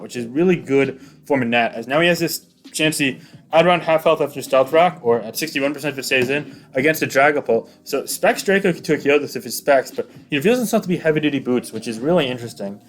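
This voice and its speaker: A man giving casual play-by-play commentary on an online battle, chatty and excitable, rambling with lots of fillers. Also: medium pitch, fast.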